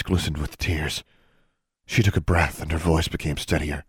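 A man narrating a fantasy story as an audiobook, in a steady, measured reading. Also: rumbling low, slightly rough, dry recording, studio quality.

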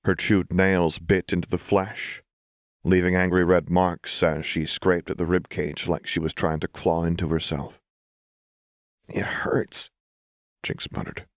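Deep-voiced man reading a story aloud. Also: no room sound, studio quality. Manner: measured, calm storytelling. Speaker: audiobook reader. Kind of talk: scripted narration.

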